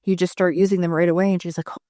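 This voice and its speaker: A woman's voice: lowish voice, level tone, rapid-fire, dark tone, no echo, studio quality. A woman in her thirties co-hosting a podcast, telling stories in a chatty way with lots of fillers. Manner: chatty, storytelling, many fillers. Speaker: podcast co-host. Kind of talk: casual chat.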